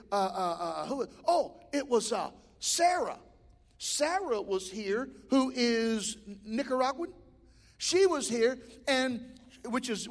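A man preaching a sermon, folksy and building to shouted peaks. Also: very high-pitched. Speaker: pastor. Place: church sanctuary. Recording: church hall reverb.

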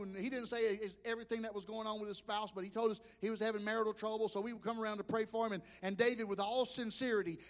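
A pastor from Mobile, Alabama, with a high-pitched Southern voice, tells stories from his sermon with animation, stumbling over restarts. Recorded in a church sanctuary, his voice rings out with a long hall reverb.

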